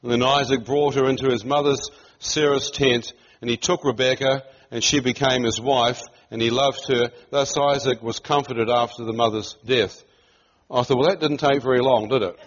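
With a medium-pitched voice at a moderate pace, a middle-aged Kiwi man preaches by telling a personal story, animated and laughing often as he acts out quoted voices. The recording sounds muffled and lo-fi.

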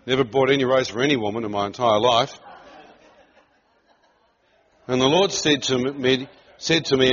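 A middle-aged man from New Zealand preaching, telling a personal story with laughter and acted-out quotes. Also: medium pitch. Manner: animated, laughs often, acts out quoted voices. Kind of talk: sermon storytelling. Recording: muffled lo-fi sound.

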